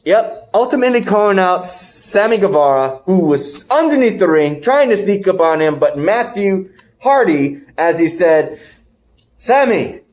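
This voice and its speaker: A man's voice: sits high, expressive, normal speed, a little mellow. A man hosting a casual wrestling review podcast over an online call, blunt and joking, laughing often. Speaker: podcast host.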